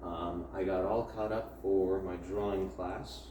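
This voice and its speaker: Young male student vlogger, low mellow voice, griping, set back from the mic in an echoey room. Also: steady tone, slow pace, a little hiss or hum. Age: young adult. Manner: rambling, grumbling rants with many fillers. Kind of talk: casual chat during a home workout. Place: at home. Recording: roomy, distant mic, faint ambience.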